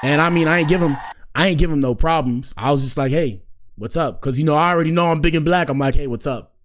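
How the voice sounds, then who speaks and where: A soft-spoken man in his twenties, a podcast host telling a story in a slangy, rambling way and repeating phrases for effect. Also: fairly high pitch, steady tone, quick pace, a little hiss or hum. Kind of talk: casual storytelling.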